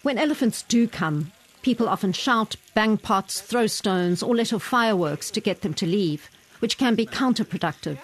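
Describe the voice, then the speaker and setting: A woman reporter reading a scripted news narration in a measured, even way. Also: medium pitch.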